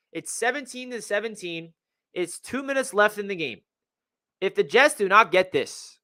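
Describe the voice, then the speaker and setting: A young man excitedly breaking down game film as a fan analyst, talking in a slangy way full of exclamations. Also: high-pitched.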